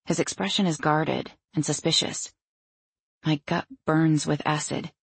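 A woman's voice: sits low, steady tone, a little slow, vocal fry, slightly rough, no echo. A woman reading a novel in the first person, with a wry, anxious inner-monologue manner. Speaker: audiobook narrator. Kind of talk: first-person audiobook narration.

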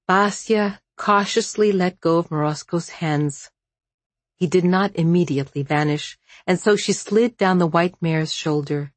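A woman reading a novel aloud in scripted audiobook narration, slow and measured, with a lowish voice. Recorded close and dry, with no room sound. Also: no room sound.

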